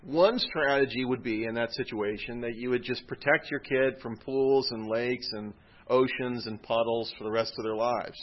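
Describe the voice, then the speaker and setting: A man delivers a sermon in a relaxed, conversational way, often asking his listeners rhetorical questions. His voice sits in a middle pitch and lifts with emphasis when he quotes scripture. The recording sounds a little dull and lo-fi. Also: moderate pace. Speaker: preacher. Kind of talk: sermon teaching.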